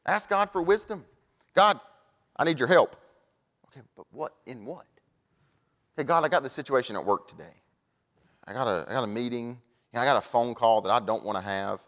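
A man preaching a sermon, telling folksy stories and swinging from soft asides to loud, animated points. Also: mid-range voice, brisk, long pauses.

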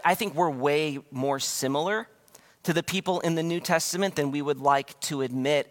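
A man's voice: medium pitch, a bit bright. A man preaching a sermon as pastor, talking conversationally and acting out the scriptures. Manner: conversational, acts out quotes.

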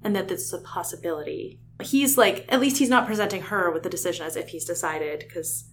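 A woman's voice: on the low side, a little fast, slight background noise. A young woman co-hosting a casual book podcast, chatty and full of fillers, reading passages aloud with feeling. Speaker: podcast co-host.

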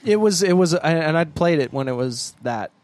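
Young man, podcast co-host, casual chat, fairly high voice, dry close mic. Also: animated, moderate pace, darkish tone, dry recording. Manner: easygoing, agreeable, chimes in with jokes.

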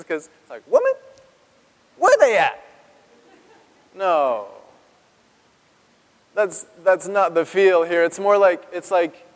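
A man preaching a sermon as pastor, earnest and emotional, with dramatic pauses and drops to a hush on key words. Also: on the high side. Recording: long reverb of a large hall.

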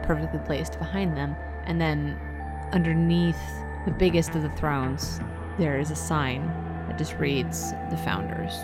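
A woman playing a tabletop role-playing game. She describes scenes in detail and reacts with lively exasperation. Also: deep voice. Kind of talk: casual tabletop role-play narration. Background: music.

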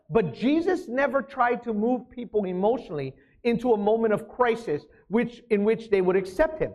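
A man's voice: extremely high pitch, lively intonation, moderate pace, few pauses, darkish tone, dull audio. A man as pastor preaching a sermon, emphatic, often asking the congregation questions.

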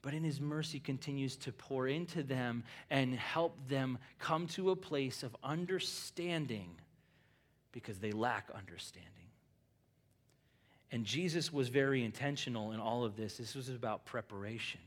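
A middle-aged man preaching a sermon, moving between quiet conversational asides and loud emphatic peaks, often acting out quoted lines in everyday voices. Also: mid-range voice, moderate pace. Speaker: pastor.

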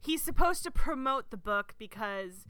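A woman's voice: a little high, animated, moderate pace, sharp tone, clean tone, dry recording. A woman co-hosting a podcast, chatting casually and bluntly, laughing often. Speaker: podcast co-host.

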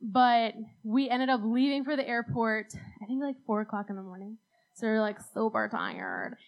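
A woman's voice: fairly high pitch, sing-song, normal speed, creaky, lo-fi sound. A young woman telling a rambling, self-deprecating story at a church talk, laughing often. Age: young adult. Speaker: speaker at a church youth talk.

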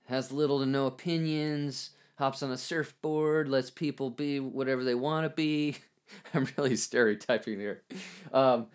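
Man musing aloud on a spiritual podcast. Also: mid-range voice. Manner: thinking aloud with fillers and restarts; wry, lightly self-mocking asides. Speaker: podcast host. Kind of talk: reflective spiritual podcast monologue.

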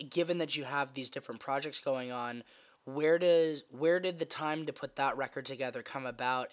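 A young man hosts a casual podcast while hoarse and a bit sniffly from a cold. His rough, raspy voice still has a smooth, resonant core. He rambles and fills his pauses with ums. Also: medium pitch, a bit bright. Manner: rambling, filler-heavy. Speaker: podcast host.

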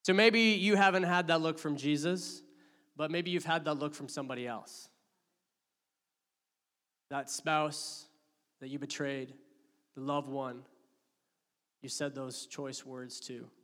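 Male pastor, fairly high voice, dramatic storyteller shifting between loud and hushed, long hall reverb. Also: steady tone, takes it slowly, long pauses. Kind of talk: sermon.

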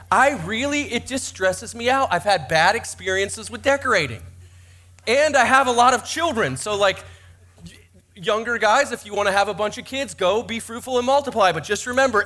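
Bright high-ish voice, guy in his 40s preaching, cracking jokes at himself from the pulpit. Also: lively intonation, normal speed. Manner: joking, self-mocking storyteller. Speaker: pastor. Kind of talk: sermon. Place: church.

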